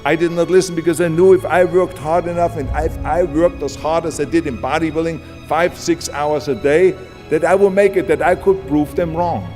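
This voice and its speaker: An Austrian-accented man delivers a punchy, emphatic motivational speech over music, with long hall reverb. His pitch is fairly high, his tone steady and a bit dark, and his pace moderate.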